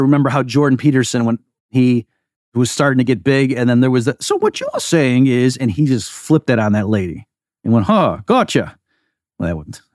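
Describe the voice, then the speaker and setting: Man, podcast host, emphatic, chatty asides, mid-pitched, dry close sound. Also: a little mellow, no echo. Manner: emphatic, conversational, frequent asides. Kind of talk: casual solo commentary.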